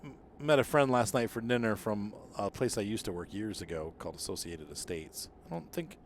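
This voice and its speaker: A middle-aged man with a fairly low voice, talking loosely as he plays. He wanders through his story, correcting himself and trailing off. A faint hum sits behind him. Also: expressive, fairly quick. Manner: meandering, lots of fillers and self-corrections. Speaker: gaming channel host. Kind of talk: casual rambling monologue while gaming.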